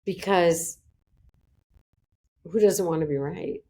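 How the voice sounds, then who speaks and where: A middle-aged woman psychologist speaks as a podcast guest, her voice sitting a little low for a woman. She is animated and slips into the voices of the people she quotes. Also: slow pace. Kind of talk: podcast interview.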